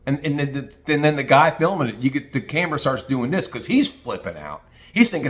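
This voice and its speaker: An older man rants in a crude, mocking way, telling a story in a casual monologue. His voice sits fairly high for a man. He mimics the people he mocks as he goes along. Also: very animated, moderate pace, a bit bright. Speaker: vlogger. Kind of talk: casual rant.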